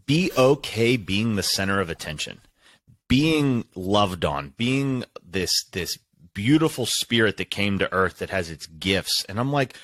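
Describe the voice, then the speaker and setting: A man's voice: fairly low pitch, expressive, a little slow, a bit bright, dry recording. A man in his thirties hosting a casual chat, telling a long, emotional, rambling story.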